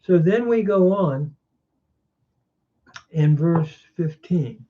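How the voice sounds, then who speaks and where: A man teaching a Bible lesson, reading Hebrew verses deliberately and then explaining the grammar and meaning. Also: fairly high pitch, animated, phone-quality sound. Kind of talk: slow scholarly lecture.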